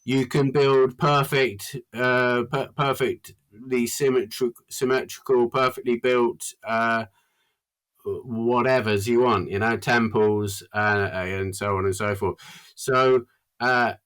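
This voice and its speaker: A man talking as a podcast guest in a garden, halting and full of fillers with bursts of emphasis. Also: medium pitch, steady tone, a bit bright, smooth. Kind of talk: casual chat. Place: garden outdoors.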